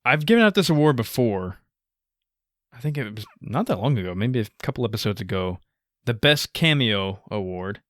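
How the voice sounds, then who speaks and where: A man's voice: medium pitch, big pitch swings, normal speed, a bit bright, no room sound, clean studio sound. Easygoing laughing podcast co-host man. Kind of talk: casual chat.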